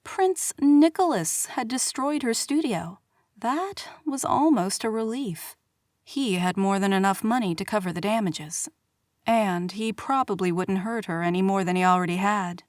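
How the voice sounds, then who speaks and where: A woman reading a romance novel aloud as audiobook narrator, measured and expressive, on a studio mic. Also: mid-range voice, dry recording. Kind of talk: scripted narration.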